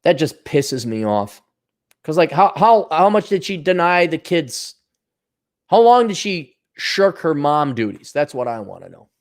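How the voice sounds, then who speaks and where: A man's voice: a little high, big pitch swings, a little slow. Sarcastic, ranting male podcast host. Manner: mocking put-on voices in asides. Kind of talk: solo podcast rant reading listener donations.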